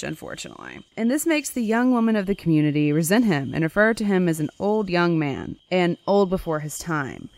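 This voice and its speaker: A woman's voice: mid-range voice, a little mellow, poor audio. A woman hosting a podcast, retelling a folktale with wry, irreverent asides. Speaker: podcast host. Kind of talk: comedic folklore storytelling.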